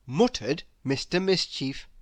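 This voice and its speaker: A woman reading a children's picture book aloud, in an expressive storyteller manner. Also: low voice, dry recording. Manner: expressive, animated reading with slow pacing.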